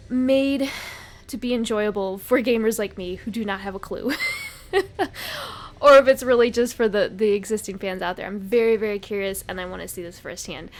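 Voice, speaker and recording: Woman streamer chatting into her desk mic at home, friendly, laughs at herself a bit. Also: mid-range voice. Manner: chatty, friendly, self-deprecating, with fillers and small laughs. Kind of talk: casual livestream chat. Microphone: desk microphone.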